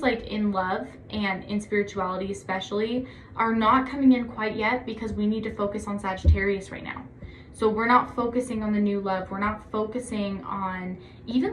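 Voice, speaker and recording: A woman giving a casual tarot reading to her viewers, chatty and encouraging, often gushing with excitement. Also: medium pitch, a little hiss or hum. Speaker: tarot reader. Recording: echoey room.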